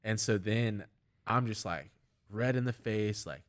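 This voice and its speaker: A man with a fairly low voice talks casually as a podcast guest. He rambles through his stories and fills them with "like." His tone is candid and conversational. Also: a little slow. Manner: rambling storytelling with many "like" fillers. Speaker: guest, MMA fighter and trainer.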